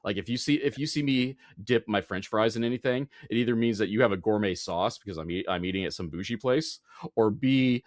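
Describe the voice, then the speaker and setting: A man's voice: lowish voice, brisk, no echo, studio quality. A man hosting a casual chat, rambling with lots of fillers. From American Midwest. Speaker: host.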